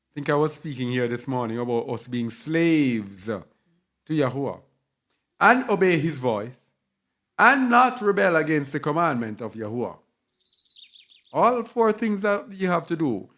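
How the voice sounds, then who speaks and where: A man's voice: on the high side, animated, measured pace, fairly bright tone. A man teaching a sermon with emphasis, repeating key words and spelling some out letter by letter. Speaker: Bible teacher.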